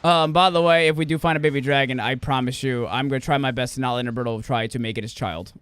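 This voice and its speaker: A man's voice: mid-range voice, fast talker, fairly bright tone, clear, resonant tone, dry recording. A man streaming a game, chatting casually and profanely with friends, rambling and correcting himself as he goes. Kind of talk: casual gaming stream chat.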